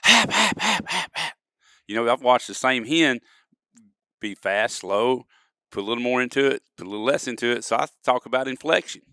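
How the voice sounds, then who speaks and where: A man's voice: mid-range voice, brisk, fairly bright tone, clear, resonant tone, no echo, studio quality. A man, a podcast guest, telling folksy stories and acting out examples in casual conversation. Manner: folksy storyteller, acts out examples. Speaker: guest, duck-calling expert. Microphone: studio podcast mic.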